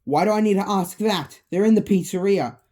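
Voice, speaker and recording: A woman's voice: medium pitch, dark tone, pitched above the performer's own voice, lightly acted. A woman voicing a panicked young man who fires off urgent questions about his missing sister. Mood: angry. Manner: urgent, rapid-fire questions.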